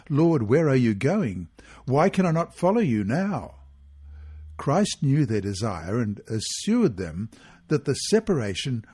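A man reading a weekly Bible study guide aloud, measured and earnest, reading the scripture passages in full. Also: mid-range voice, mellow, breathy edge.

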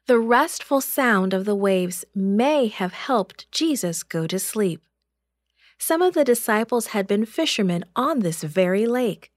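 A woman narrating a Bible story for children in a slow, clear and expressive way. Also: mid-range voice, no room sound, clean studio sound.

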